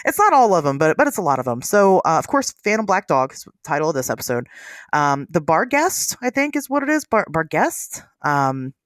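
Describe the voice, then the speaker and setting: A podcast host from the United States talking in lively casual chat, laughing often. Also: medium pitch, a little fast, no room sound, clean studio sound.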